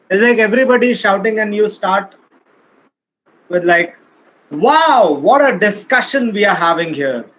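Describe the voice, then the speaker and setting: High-voiced man lecturing emphatically. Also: fairly bright tone, slight background noise, poor audio. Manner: emphatic, acts out example lines, asks the audience questions. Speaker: speaker. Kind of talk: motivational talk on communication skills. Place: lecture hall.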